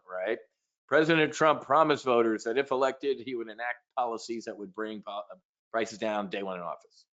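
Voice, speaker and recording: A man's voice: mid-range voice, dull audio. Blunt, ranting male trading host. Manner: blunt, profane, animated ranting. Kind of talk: live market briefing.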